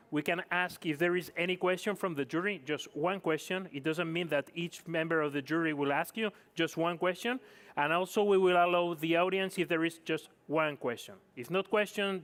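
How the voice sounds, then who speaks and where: Male stage host for a live competition, a bit high-pitched, casual and self-correcting. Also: fairly bright tone. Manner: chatty, apologetic, non-native phrasing. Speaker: event host. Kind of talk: live event hosting. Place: conference stage.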